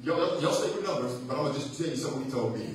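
Fervent pastor in echoey church. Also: male voice, mid-range voice, animated, racing, far from the mic. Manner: fervent preaching with call-and-response, swinging between loud bursts and hushed reading. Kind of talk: sermon. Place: church sanctuary.

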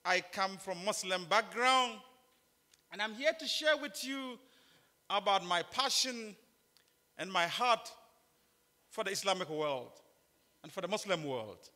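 Ghanaian guy preaching in a big chapel, really high sharp voice, long echo tail. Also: animated, measured pace, pauses often. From northern Ghana. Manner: emphatic, repeats key points, jokes with the audience. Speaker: conference speaker. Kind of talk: preaching lecture to students. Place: large chapel.

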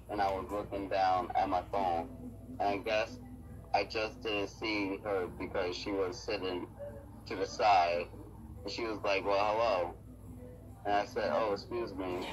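A man co-hosting a radio show, relaxed and conversational as he reads news aloud. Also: on the low side, normal speed. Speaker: radio co-host. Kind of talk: casual radio chat and reading news aloud. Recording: noisy line.

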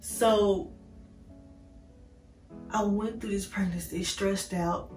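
A woman's voice: medium pitch, steady tone, slow pace, a little mellow, echoey room, distant mic, faint music behind. A woman vlogger telling an emotional storytime, candid and rambling, speaking straight to her viewers. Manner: talks straight to viewers as "y'all".

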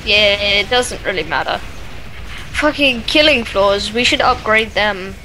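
A man's voice: high voice, expressive, a little slow, sharp tone, a little hiss or hum, low-quality recording. A man from the UK chatting crudely and giggling while gaming over voice chat. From United Kingdom. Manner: giggly, crude, trash-talking. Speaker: co-op gaming partner. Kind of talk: casual gameplay chat.

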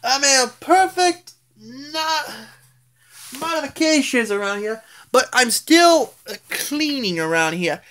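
In a very high-pitched, slightly bright voice, a man rants angrily in a casual vlog at home indoors. He's expressive but slow, swearing and often stammering and restarting his words.

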